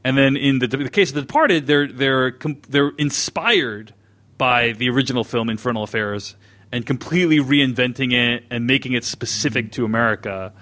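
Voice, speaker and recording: A man's voice: mid-range voice, normal speed, pushed and bright. A man co-hosting a podcast, talking things through in a thoughtful, hesitant way with many restarts. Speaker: podcast co-host. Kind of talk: casual discussion.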